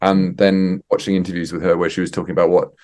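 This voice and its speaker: A man, a theatre director guest on a remote podcast interview, speaking thoughtfully with halting restarts. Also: low-pitched, flat delivery, a little mellow. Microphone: remote call.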